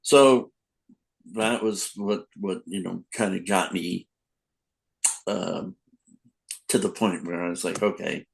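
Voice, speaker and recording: A man's voice: sits low, fairly even intonation, takes it slowly, gravelly, long pauses, husky, poor audio. An older man, a comic book editor, telling rambling anecdotes in a casual podcast interview, acting out quotes.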